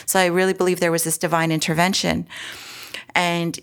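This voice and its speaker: A woman appears as an interview guest, earnestly telling her own story in conversation with frequent restarts and asides. Her lowish voice is smooth and flat in delivery, running a little fast.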